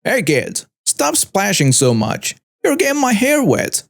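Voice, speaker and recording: A man's voice: a little high, wildly swooping pitch, measured pace, gravelly, full character voice. A man voicing a hostile, entitled middle-aged woman who screeches with contempt during a story narration. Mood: scolding.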